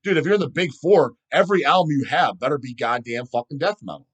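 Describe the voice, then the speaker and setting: A man's voice: a little high, animated, quick pace, husky. A middle-aged man hosting a solo vlog, ranting heatedly and profanely. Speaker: channel host.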